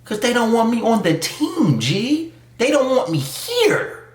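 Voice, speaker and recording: Animated man in an echoey room. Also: extremely high pitch, unhurried. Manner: emphatic, slangy street talk with mock voices. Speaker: YouTube commentator. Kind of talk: casual opinion monologue.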